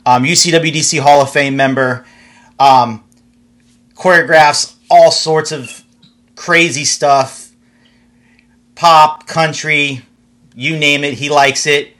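A man's voice: fairly high pitch, steady tone, takes it slowly, pauses often. Upbeat man hosting a live chat show. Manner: upbeat, filler-heavy shout-outs. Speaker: host. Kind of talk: casual livestream chat.

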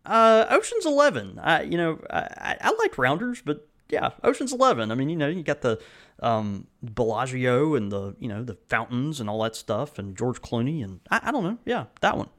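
A man co-hosting a podcast in casual chat, easygoing and quick to laugh. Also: medium pitch, very animated, a bit bright. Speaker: podcast co-host.

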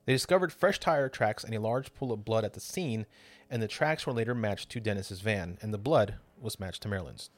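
A man's voice: on the low side, a little fast. A man hosting a podcast, narrating a true crime story with drama and casual swearing. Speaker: podcast host.

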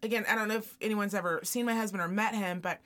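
A woman's voice: medium pitch, steady tone, fast talker, fairly bright tone. A woman co-hosting a chatty podcast, telling candid and comic stories. She jumps into quoted voices as she goes, and her delivery stays loose and conversational. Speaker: podcast co-host. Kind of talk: casual chat.

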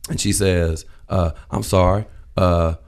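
A man's voice: sits low, steady tone, slow, a little mellow. A man, telling a story in casual chat, swearing freely and acting out voices.

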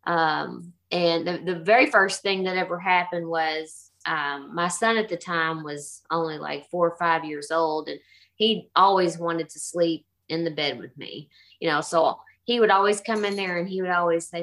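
A middle-aged woman with a low, gravelly voice and a fair bit of vocal fry. She tells a ghost story in a relaxed way, and she acts out the voices of the people she quotes. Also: normal speed. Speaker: guest telling a haunting story. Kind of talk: casual storytelling.

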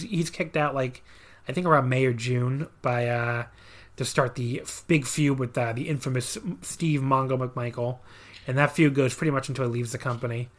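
A man co-hosting a podcast, casually recapping a wrestling match with dry sarcasm and many fillers. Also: mid-range voice.

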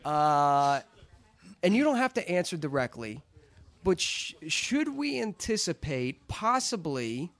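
A man hosting a lively sports talk show, talking excitedly with lots of stammered restarts and playful teasing. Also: fairly high pitch, slow pace, dry recording. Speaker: host.

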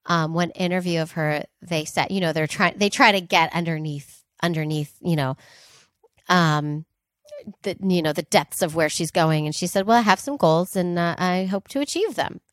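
A woman co-hosting a podcast, telling a story in emphatic, animated casual chat and laughing readily. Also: fairly low pitch, normal speed, dry recording, studio quality. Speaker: podcast co-host.

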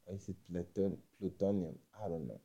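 A young man talking in a rambling monologue, halting and repeating himself, with frequent swearing. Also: deep voice, gravelly, dark tone, muffled recording.

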